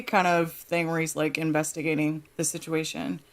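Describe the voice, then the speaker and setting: A woman on a podcast panel who thinks aloud and peppers her points with "like." Her voice is on the low side for a woman, and her pace is relaxed and reflective. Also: moderate pace. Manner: thoughtful, filler-heavy with frequent "like". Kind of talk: casual chat.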